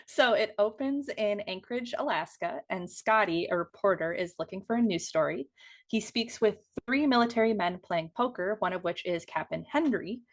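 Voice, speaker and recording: A woman's voice: medium pitch, animated, moderate pace. A woman guest co-hosting a movie podcast, chatting casually, giggly and self-deprecating. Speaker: guest co-host. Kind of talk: casual chat.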